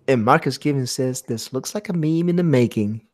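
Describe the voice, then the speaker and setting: A man's voice: mid-range voice, moderate pace. A man hosting a casual live stream, reading viewer comments aloud and laughing often. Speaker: host of a live art hangout.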